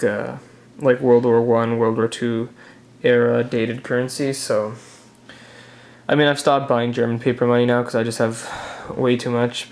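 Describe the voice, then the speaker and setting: A young man with a gravelly, fry-edged voice talks casually through his collection of banknotes. His pitch stays level and even. He pauses often with "uh" as he squints at dates, relaxed and unhurried. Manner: relaxed, halting, many "uh" pauses while reading notes. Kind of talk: casual show-and-tell vlog.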